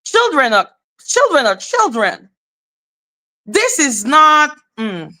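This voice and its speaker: A former teacher turned livestream host, this woman talks bluntly and swears without pause. Her voice sits a little high and rings bright and sharp. It is casual, animated commentary delivered straight to her audience. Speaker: live commentary channel host.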